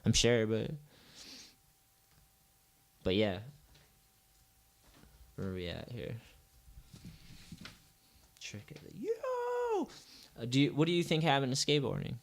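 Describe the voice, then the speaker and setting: This is a male podcast host from the States in an easygoing chat, his voice sitting at an ordinary middle pitch. He rambles from one thought to the next, curses freely, and leans on "like" and "you know" constantly. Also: lively intonation, unhurried, creaky, long pauses. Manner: rambling, loose and profane, full of "like" and "you know". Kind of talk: casual chat.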